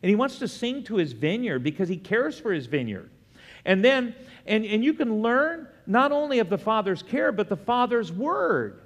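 A man's voice: high-pitched, very animated, normal speed. A middle-aged male pastor preaching a conversational sermon with friendly asides and the occasional chuckle. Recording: long church hall reverb.

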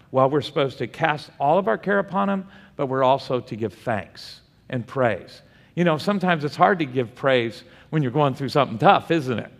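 A man's voice: fairly high pitch, expressive, normal speed, creaky. A man preaching a Bible study sermon, asking the room questions and answering them himself. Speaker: pastor teaching a Bible study. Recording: long hall reverb.

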